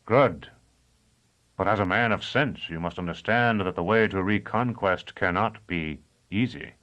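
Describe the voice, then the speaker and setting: A man reading an audiobook, voicing a cautious, calculating male conspirator who speaks low and deliberately. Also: fairly bright tone, highs cut off.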